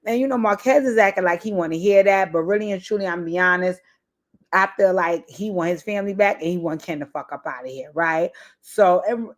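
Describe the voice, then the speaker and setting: Woman, lowish voice, casual reality TV recap, candid, emphatic, profane. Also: a little fast. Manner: candid, emphatic, profane, keeps asking "right?". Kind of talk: casual commentary.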